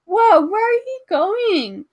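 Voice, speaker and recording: A woman voicing a crowd of excited, ragged little kids who fire off breathless questions. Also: very high voice, slow pace, voice pushed up, full character voice. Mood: eager.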